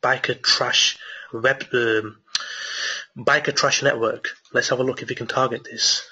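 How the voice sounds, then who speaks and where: Late at night, an online marketing teacher excitedly walks viewers through a screen-share tutorial with viewer Q&A, repeating words and restarting sentences a lot. His voice is medium-pitched, bright and a little husky, a little slow, and enthusiastic. The recording sounds dull and lo-fi.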